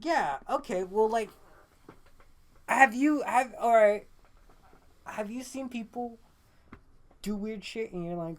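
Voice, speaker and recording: A man's voice: high-pitched, slow pace, pauses often. A young man co-hosting a podcast, in a casual chat. He rambles, swears often and breaks into laughter. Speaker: podcast co-host.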